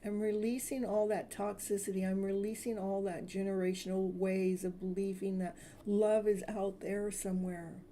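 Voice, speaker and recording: A woman tarot reader speaking soothing spiritual affirmations, slowly repeating each phrase. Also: mid-range voice, level tone, warm tone, a little hiss or hum.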